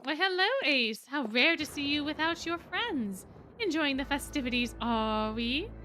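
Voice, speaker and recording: A mischievous ancient fae with quaint, old-fashioned phrasing, sly and teasing, as a woman reads him aloud from a game. The voice sits high and bright, with a giggle never far away. Soft game music plays underneath. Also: lively intonation, measured pace, heavily acted. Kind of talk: reading game dialogue aloud.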